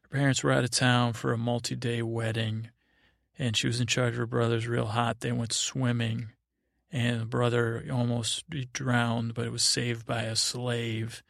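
A man hosting a sleep podcast, giving a meandering, low-key recap of a show. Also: completely flat delivery, normal speed, vocal fry, fairly bright tone, no room sound, studio quality. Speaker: podcast host. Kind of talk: drowsy rambling recap for sleep.

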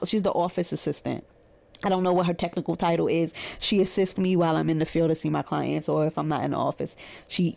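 A woman with a Brooklyn accent, a therapist in private practice, telling a story in a casual monologue and animatedly acting out quoted dialogue. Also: gravelly. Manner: animated, acts out quoted dialogue with rising pitch.

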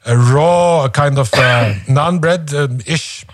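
A man's voice: fairly high pitch, takes it slowly, dry recording, clean studio sound. A man co-hosting a playful comedic podcast, teasing his partner and hesitating with lots of fillers. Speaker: podcast co-host.

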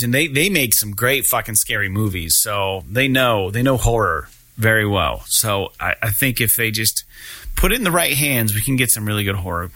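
A man's voice: lowish voice, pushed and bright, no room sound. A man hosting a casual gaming news podcast, talking loosely with lots of swearing and filler words. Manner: profane, rambling, lots of fillers. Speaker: podcast host.

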